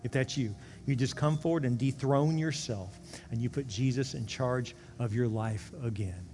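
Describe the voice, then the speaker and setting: A man preaching as a pastor, leading an altar call and prayer, swinging from emphatic peaks down to hushed, quiet pleading. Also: medium pitch, normal speed, faint music behind. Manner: impassioned, rises to emphatic peaks then drops to hushed prayer. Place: large church sanctuary. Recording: long reverb of a big hall, faint ambience.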